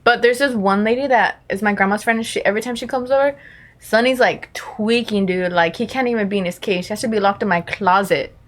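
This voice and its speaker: A woman's voice: mid-range voice, brisk. A young woman co-hosting a podcast in casual chat, slangy and playful, laughing often. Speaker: podcast co-host.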